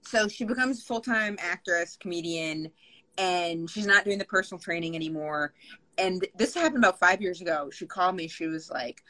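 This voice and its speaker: A woman's voice: lowish voice, animated, normal speed, pushed and bright, rough recording. A young woman co-hosting a casual chat, telling a long story with lots of "like" and plenty of swearing. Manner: rambling, lots of "like", swears freely. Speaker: podcast co-host.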